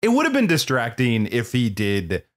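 Lively, laughing podcast co-host, a man. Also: mid-range voice, moderate pace. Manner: animated, laughing, opinionated, with frequent restarts. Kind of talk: casual movie-review chat.

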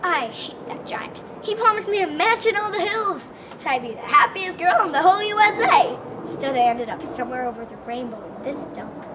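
A woman's voice: extremely high pitch, very animated, moderate pace, hardly any pauses, recorded from a distance, noisy background. A woman voicing a sassy, lonesome female jukebox that talks in country song lines.

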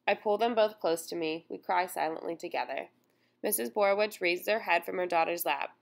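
A woman reading a first-person memoir aloud in a solemn, measured way. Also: fairly low pitch, creaky. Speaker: audiobook narrator.

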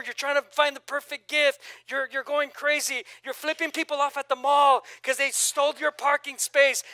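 A male pastor preaching a lively sermon, reading scripture aloud and calling on the congregation to repeat after him. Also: very high-pitched, no echo. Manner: reads scripture aloud, then comments casually.

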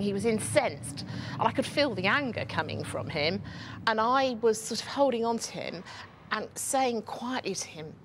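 A woman giving documentary testimony as a witness, soft and hesitant, stammering at times. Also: medium pitch, lively intonation, unhurried, a little hiss or hum. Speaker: witness interviewee. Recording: music bed under the voice.

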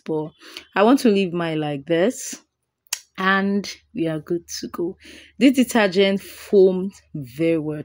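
A woman's voice: on the low side, no echo, clean studio sound. A tired woman, hosting a chatty DIY tutorial and often urging viewers to like and subscribe. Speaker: channel host, DIY formulator. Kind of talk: tutorial voice-over.

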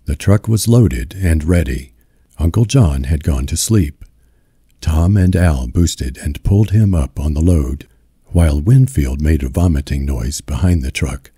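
A man reading a novel aloud as a slow, soothing audiobook narrator into a close mic. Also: very deep voice, lively intonation, dark tone, slightly rough, no echo. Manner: slow, soothing ASMR delivery.

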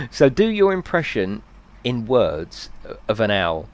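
A man's voice: medium pitch, sing-song, unhurried. A man live-streaming a video game, chatting playfully with his viewers, reading their messages aloud and laughing often.

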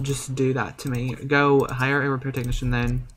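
A young man giving casual, chatty commentary over a life-sim game, excitable and swearing freely as he talks to his viewers. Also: medium pitch, normal speed, a little hiss or hum. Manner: excitable, with sudden gasps and squeals; chatty and profane, talking straight to viewers. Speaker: let's play creator.

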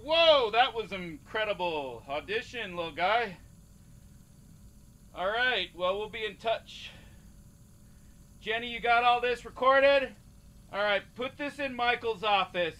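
A man's voice: high voice, lively intonation, pushed and bright. A man hosting a game play-through, joking as a mock casting director. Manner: slow, mock-official casting director bit. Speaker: gaming channel host.

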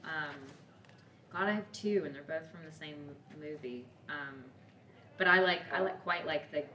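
A woman's voice: low voice, moderate pace, sharp tone, dull audio, a little hiss or hum. A woman, an actor guest, talking in a hesitant, giggly way in casual banter. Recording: roomy, mic from a distance.

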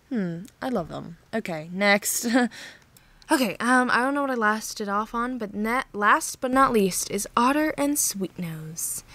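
Gushing woman with a higher voice. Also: fairly bright tone. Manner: gushing and sentimental, with frequent sighs. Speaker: channel host reacting to fan art. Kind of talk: casual chat.

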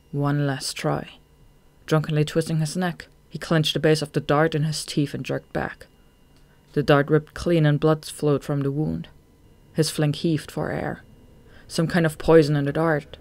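An audiobook narrator reading a novel chapter in a measured way, slowing down at tense moments. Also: mid-range voice, vocal fry, darkish tone, no room sound.

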